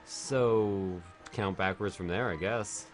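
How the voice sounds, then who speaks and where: A man's voice: on the low side, slow, soft background music. A man streaming a video game while drunk, chatting casually, rambling and swearing a lot.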